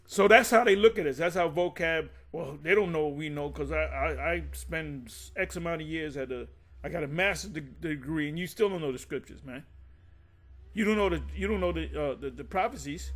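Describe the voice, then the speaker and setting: A man giving a casual scripture teaching, reading word definitions aloud and talking straight to his listeners. He often stumbles and restarts his phrases, then turns loud and insistent when he makes a point. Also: fairly high pitch. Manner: frequent restarts, addresses listeners directly. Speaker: religious teacher.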